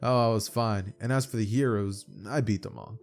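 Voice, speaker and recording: Garou, a man doing a calm blunt martial artist. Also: on the low side, normal speed, faint music behind, close to an everyday voice.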